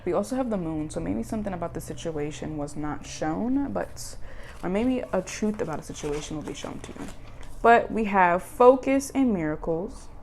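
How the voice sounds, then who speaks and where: Excitable young woman reading tarot. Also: fairly low pitch, moderate pace, background noise. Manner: excitable, emphatic, repeats herself. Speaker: tarot reader.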